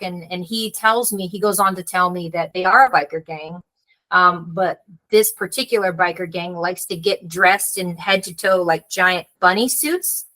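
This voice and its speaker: A woman with a bright, forceful voice spins an animated tale. She leans on "like" and slips into the voices of the people she quotes. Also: medium pitch, low-quality recording. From United States. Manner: animated storyteller, acts out quoted voices, frequent "like". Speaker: author, guest. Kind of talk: casual storytelling conversation.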